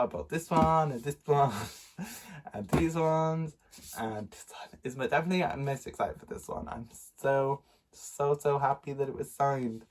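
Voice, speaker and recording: A man's voice: on the high side, noisy background. A man with a nasal, stuffy voice from a cold, chatting casually about books he bought, rambling with lots of ums and little laughs. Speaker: book vlogger. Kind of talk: casual book haul vlog.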